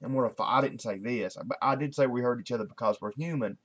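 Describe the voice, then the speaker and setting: A man's voice: medium pitch, fast talker. A man talks straight to camera in a casual daily video blog. His delivery is folksy and repetitive, thick with fillers and false starts. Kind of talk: casual rambling monologue to camera.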